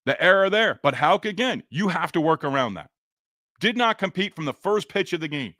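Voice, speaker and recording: A man's voice: high-pitched, lively intonation, fairly quick, bright, forceful tone, dry recording, clean studio sound. A man hosting a sports podcast, reading listener comments in a frustrated, sarcastic, rambling way. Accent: Boston. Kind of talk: casual sports podcast talk.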